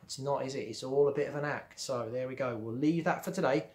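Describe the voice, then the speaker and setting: A male primary school teacher reading a children's book aloud in a steady, gentle way. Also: mid-range voice, a little fast.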